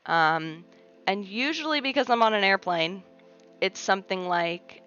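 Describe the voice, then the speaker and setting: A woman's voice: medium pitch, lively intonation, measured pace, a bit bright. A young woman hosting a livestream, chatting casually and reassuringly with viewers, with lots of fillers. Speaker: livestream host. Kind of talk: casual chat reading viewer comments. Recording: muffled lo-fi stream audio with faint music. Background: faint background music.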